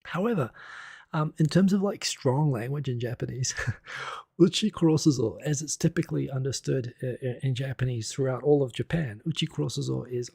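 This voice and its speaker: Gravelly, husky man chatting on a stream. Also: medium pitch, a little fast, darkish tone, dry recording, clean studio sound. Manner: rambling, chatty, laughs often, many fillers and restarts. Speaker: live stream host. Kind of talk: casual news commentary.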